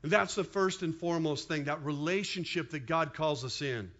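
A man in his fifties preaching a sermon as pastor, in an animated, conversational way with quick asides to the congregation. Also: high voice, dull audio.

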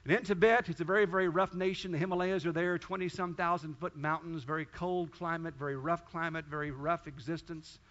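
A man's voice: a little high, steady tone, fairly quick, few pauses, fairly bright tone, lo-fi sound. A man pastor preaching a sermon, telling a story and then rising into fervent, pleading prayer.

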